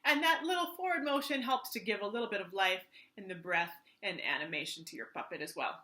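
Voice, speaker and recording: A woman who is a teaching artist, giving a children's art lesson in an enthusiastic, gently instructive way. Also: mid-range voice, fast talker.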